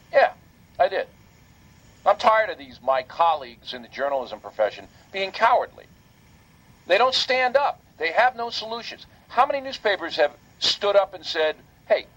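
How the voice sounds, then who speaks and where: A man's voice: high voice, a bit bright. A man hosting a talk radio show, delivering a heated, indignant monologue that repeats points for emphasis. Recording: lo-fi radio broadcast.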